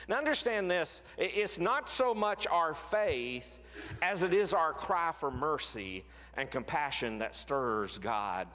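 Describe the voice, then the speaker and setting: A fairly high-voiced man preaching a sermon, earnest and measured, leaning into key phrases by slowing down and letting his voice drop. His words ring out with a long reverb that hangs in a big hall. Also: fairly bright tone. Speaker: pastor.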